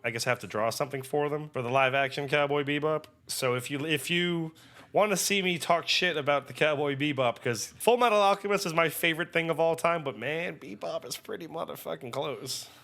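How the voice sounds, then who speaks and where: Young male reaction host, bright forceful voice, excitable and sweary. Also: a little high. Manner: excitable and profane, animated storytelling. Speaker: anime reaction video host. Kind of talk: casual reaction commentary.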